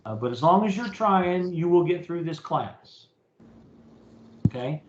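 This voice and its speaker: A man's voice: fairly high pitch, animated, a little slow, background noise. A man lecturing as a professor in a recorded online class, talking casually and checking in with "okay?" after nearly every point. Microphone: computer mic in a video meeting. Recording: roomy, dull lo-fi meeting recording.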